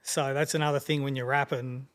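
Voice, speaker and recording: An Australian man in his fifties, a rapper chatting casually as a podcast guest, talking quickly and rambling. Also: medium pitch, flat delivery, a bit bright. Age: 50s. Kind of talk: casual chat.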